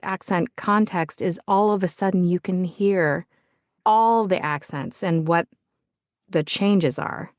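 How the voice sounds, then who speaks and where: A woman's voice: fairly low pitch, takes it slowly, no echo, studio quality. A woman from the United States, an audiobook narrator and podcast guest, who talks in a thoughtful, vivid and playful way. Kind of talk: casual podcast interview.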